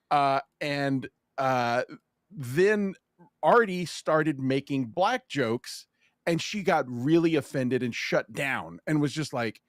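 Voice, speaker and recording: A man's voice: on the high side, no echo, studio quality. A man hosting a podcast, retelling a story in casual, profane chat. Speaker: podcast host.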